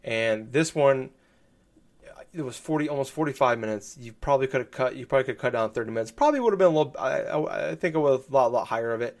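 A man's voice: mid-range voice, expressive, quick pace. A man chatting casually about video games on a podcast, rambling with lots of fillers and restarts. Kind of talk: casual gaming podcast chat.

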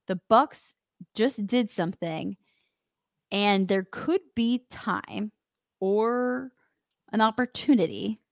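A woman's voice: medium pitch, dry recording, studio quality. A woman co-hosting a sports podcast, chatting casually and thinking aloud. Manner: conversational, thinks aloud with fillers. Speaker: podcast co-host.

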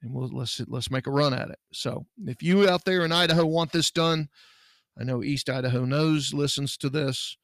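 A man's voice: a little high, moderate pace, a bit bright, dry recording. A middle-aged man from Texas, hosting a podcast in a folksy, earnest, rambling way. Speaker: podcast host, private investigator. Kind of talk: casual podcast talk.

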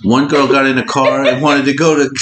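A man co-hosting a podcast, reading out stories in casual chat and laughing a lot as he tells them. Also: medium pitch. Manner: animated, laughing storyteller. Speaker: podcast co-host. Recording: echoey room, faint hiss.

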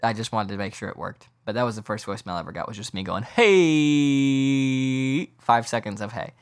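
A man's voice: fairly low pitch, steady tone, racing, fairly bright tone. A man hosting a casual sports podcast, ranting in a rambling, incredulous way. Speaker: podcast host.

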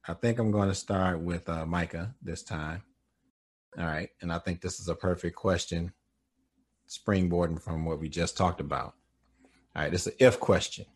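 Deep-voiced male podcast host. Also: moderate pace, husky. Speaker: podcast host and high school educator. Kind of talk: interview questions.

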